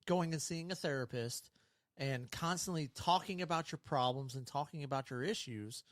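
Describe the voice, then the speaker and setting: A middle-aged man with a fairly high voice chats casually on a podcast, rambling through anecdotes and putting on voices for the people he quotes. The sound is dry and close, with little room echo. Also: normal speed. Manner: rambling storyteller, acts out quotes, laughs often. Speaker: podcast co-host. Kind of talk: casual chat over beers.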